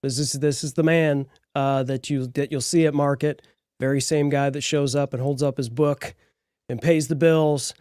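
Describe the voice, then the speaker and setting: A man's voice: mid-range voice, steady tone, moderate pace, darkish tone, clear, resonant tone, no echo, clean studio sound. A man hosting a live podcast, talking in an upbeat, encouraging way. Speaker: podcast host.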